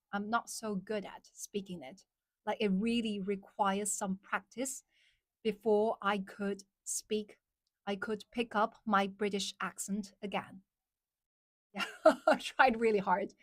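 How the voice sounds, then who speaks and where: A woman's voice: mid-range voice, a bit bright, no echo, studio quality. A woman from China speaking English with a Chinese accent, hosting a casual live stream, chatty, laughing often and repeating words as she restarts.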